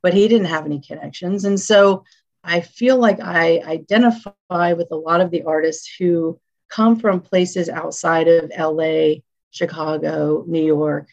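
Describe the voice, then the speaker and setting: A woman music executive, a guest on an interview show, telling animated stories and acting out what people said. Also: on the low side, a little slow. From northeastern United States. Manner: animated storyteller, acts out quotes. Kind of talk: casual interview chat. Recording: dull lo-fi audio.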